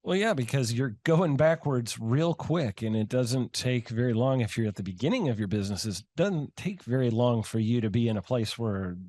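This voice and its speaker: A man's voice: mid-range voice, normal speed, hardly any pauses, no room sound. Rambling middle-aged man. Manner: relaxed, rambling, many fillers. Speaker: guest, home builder. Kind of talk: interview answers.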